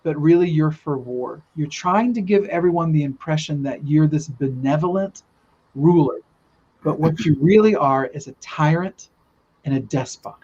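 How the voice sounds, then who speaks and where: A man's voice: a little high, moderate pace, darkish tone, a little hiss or hum. A man earnestly telling a long spiritual story in casual podcast talk, rambling with many restarts. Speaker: guest telling a spiritual vision. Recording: dull lo-fi sound.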